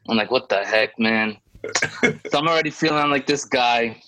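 A man in his thirties, co-host of a podcast, telling a story in a casual, animated way and jumping into high voices when he quotes people. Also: normal speed, no echo, rough recording.

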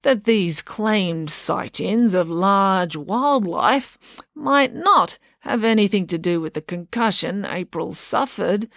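A woman voicing a kindly but patronising male doctor who speaks slowly and patiently. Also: medium pitch, gravelly, no room sound, studio quality, pitched above the performer's own voice. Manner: slow, patient, soothing.

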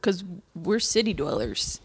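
A woman's voice: on the low side, big pitch swings, a little slow, husky, dry recording. A woman co-hosting a casual podcast, bubbly and chatty, laughing a lot as she tells stories. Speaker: podcast co-host. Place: home podcast setup, Chicago.

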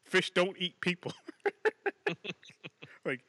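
A man co-hosting a casual movie podcast, talking excitably with lots of swearing and restarts. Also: sits high, takes it slowly, no room sound. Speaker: podcast co-host.

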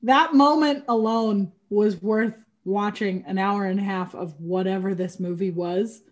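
A woman co-hosting a podcast, chatting casually about a movie, sarcastic and animated with a playful streak. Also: mid-range voice, a little slow. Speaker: podcast co-host. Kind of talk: casual movie review chat.

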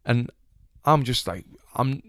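A man's voice: mid-range voice, takes it slowly, a bit bright, no echo, clean studio sound. A young man from England with a Sunderland accent, telling a casual story full of swearing and acting out the people in it. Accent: Sunderland English. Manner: chatty, swears freely, acts out the people in his story. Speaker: retired boxer telling a story.

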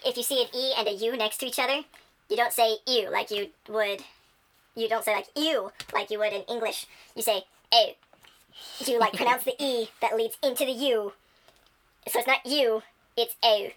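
Bright, chatty young woman. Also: a little high, fairly even intonation, a little fast. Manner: enthusiastic, rambling with many fillers. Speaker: channel host. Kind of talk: casual chat.

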